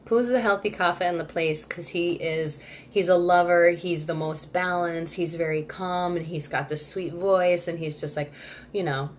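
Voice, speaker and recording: A woman's voice: fairly low pitch, a little hiss or hum. A woman hosting a live-streamed workshop in a loose, chatty way, answering viewer comments as she goes. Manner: loose and rambling, full of "like" and restarts. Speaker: Ayurveda workshop host.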